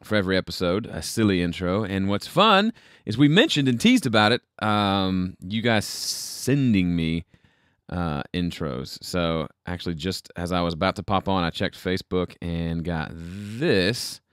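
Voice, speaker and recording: A man hosts a casual livestream from his home studio, rambling and thinking aloud while troubleshooting, with self-deprecating asides. His deep voice is expressive and fairly bright, at a measured pace, and the sound is clean with no echo.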